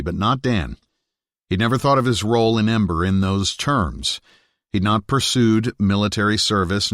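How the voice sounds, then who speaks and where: A man narrating an audiobook thriller in a steady, measured reading on a close studio mic. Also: low voice, no echo. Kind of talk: scripted narration.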